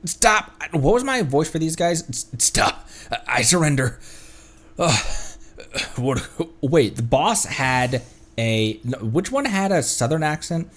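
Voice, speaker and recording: A man's voice: a little high, sing-song, unhurried. A man streaming a game, chatting casually as he plays, rambling, stumbling over words and giggling. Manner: rambling, self-correcting, giggly. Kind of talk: casual gameplay commentary.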